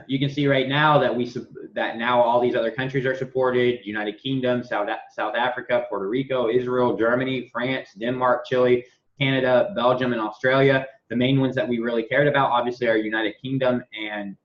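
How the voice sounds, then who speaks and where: A man's voice: mid-range voice, moderate pace, highs cut off. A man hosting a members' business call, rambling and swearing freely while telling stories and giving product updates. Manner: profane, rambling, animated storytelling. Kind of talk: casual business call, storytelling.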